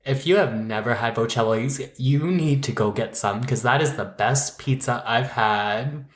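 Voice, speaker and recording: A man co-hosting a podcast, playful and quick to laugh in casual chat. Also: mid-range voice, reverberant. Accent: Pittsburgh. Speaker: podcast co-host.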